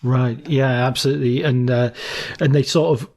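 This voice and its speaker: Male host-interviewer, mid-pitched, hesitant and halting, thinking aloud. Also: steady tone, a little mellow. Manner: hesitant, halting, many restarts. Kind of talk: conversational interview.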